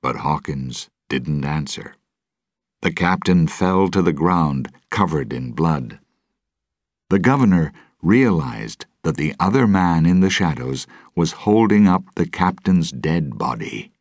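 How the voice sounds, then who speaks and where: Male storybook narrator, very deep and husky, slow and expressive, dry close recording. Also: no echo. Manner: measured, dramatic reading.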